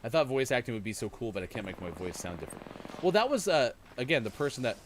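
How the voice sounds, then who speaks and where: A man's voice: mid-range voice, sing-song, fast talker, a little hiss or hum. A man hosting a live gaming stream, rambling in a chatty way, reading and answering chat with lots of fillers. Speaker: host.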